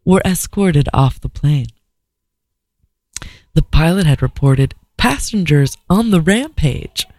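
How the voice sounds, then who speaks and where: A podcast co-host reads a news story for comedy, stopping again and again for swearing, disbelieving asides. The voice sits in a middling pitch. It is close to the mic and very dry, with no room sound at all. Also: darkish tone, dry recording. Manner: profane, incredulous asides between read-out sentences.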